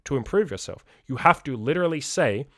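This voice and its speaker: A man's voice: mid-range voice, lively intonation, a little fast, fairly bright tone, dry recording, clean studio sound. A man hosting a self-improvement podcast, talking bluntly in a casual monologue, swearing freely and repeating words for emphasis.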